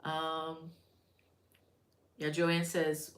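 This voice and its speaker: A woman's voice: low-pitched, normal speed, fairly bright tone, roomy sound. A woman from Florida hosting a crochet live stream, chatting casually, reading viewer comments aloud and laughing easily. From Florida, USA.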